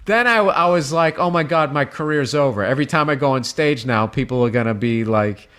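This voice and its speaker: A middle-aged man, a stand-up comedian, telling a story in casual chat and swearing freely, breaking into loud quoted voices. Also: mid-range voice, brisk.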